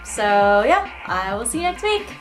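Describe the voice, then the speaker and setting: A young woman hosts a comedy news roundup in a high, bouncy voice that climbs and dips constantly. She delivers snarky, playful asides, with faint music running underneath. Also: sing-song, normal speed. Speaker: show host.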